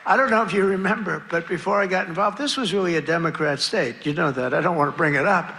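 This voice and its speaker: A man's voice: high voice, fast talker, bright, forceful tone. A man giving a rally speech in a large venue, boastful and repetitive, with rambling asides. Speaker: political rally speaker. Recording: crowd noise from a live rally. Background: cheering crowd and ambient noise.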